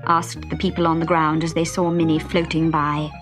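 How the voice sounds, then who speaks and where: A woman narrating a children's storybook with an expressive, animated reading. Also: low voice, moderate pace. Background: background music.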